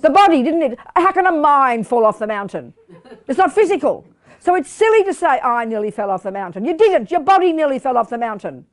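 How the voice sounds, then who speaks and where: An older woman giving a lively Buddhist teaching to a live group, quizzing her listeners and talking bluntly and playfully. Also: high voice, a little fast. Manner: animated, questioning the audience, blunt and playful. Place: meditation study group hall.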